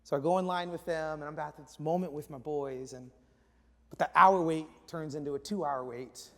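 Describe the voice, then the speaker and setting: A man in his thirties, a pastor, giving a sermon in lively storytelling, sometimes dropping to hushed asides. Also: fairly high pitch, normal speed. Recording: long hall reverb.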